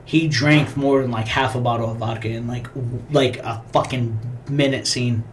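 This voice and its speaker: A man's voice: medium pitch, steady tone, moderate pace, a little hiss or hum. A man co-hosting a podcast, casually retelling a film scene in a profane, rambling way. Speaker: podcast co-host. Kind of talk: casual chat.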